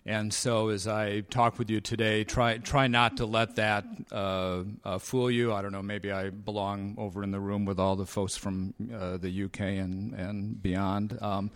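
A man in his fifties sharing his recovery story at a convention, halting with many fillers and a dry, sarcastic humor. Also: lowish voice, level tone, no room sound. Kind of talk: personal talk at a convention. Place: convention meeting room.

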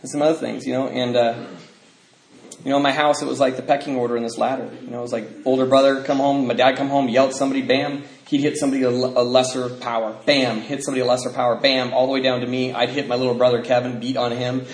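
A man's voice: medium pitch, flat delivery, quick pace. A man giving a personal testimony to a live group, telling his story loosely with many fillers and laughing through the darker parts. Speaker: speaker sharing his recovery story. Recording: echoey room, faint background noise.

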